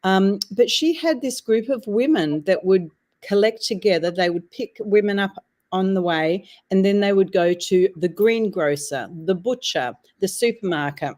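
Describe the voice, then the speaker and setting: An Australian woman in her sixties, telling a personal story as a podcast guest in a measured, reflective way. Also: mid-range voice, darkish tone. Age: 60s. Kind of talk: casual interview storytelling.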